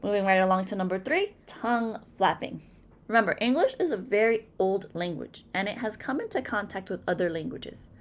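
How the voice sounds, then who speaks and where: A woman with a Massachusetts accent teaches a phonics lesson, sounding out example words one at a time, slowly and deliberately, over-articulating each. Her voice is mid-range and animated.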